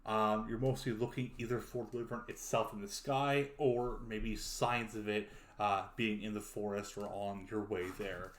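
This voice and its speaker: A man's voice: lowish voice, steady tone, moderate pace, hardly any pauses, reverberant. A man narrating as game master in a tabletop game, laid-back and loose, with lots of ums.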